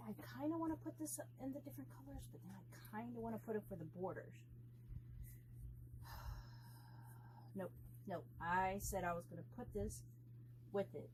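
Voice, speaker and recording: A woman's voice: mid-range voice, background noise. A woman vlogging as she quilts, rambling and blunt, swearing freely as she works through her steps. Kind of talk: casual chat while crafting.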